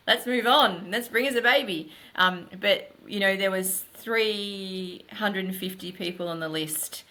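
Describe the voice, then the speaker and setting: A middle-aged woman, a podcast guest, telling her story in a candid, animated and emphatic way. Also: on the low side. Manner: animated, emphatic, runs thoughts together.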